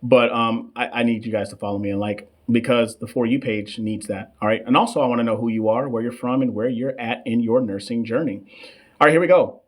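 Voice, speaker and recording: A man in his thirties, hosting a live question session for nursing students. He talks in a loose, chatty way, answers the chat between questions, and stumbles over long drug names. His voice sits at an ordinary middle pitch. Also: brisk. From United States. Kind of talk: casual live-stream teaching. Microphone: desk microphone.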